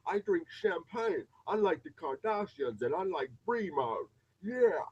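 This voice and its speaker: A man's voice: sits high, animated, a little slow, breathy edge, muffled recording, pitched above the performer's own voice, exaggerated voice. Man mocking a brash reality-show woman. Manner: mocking, exaggerated swagger.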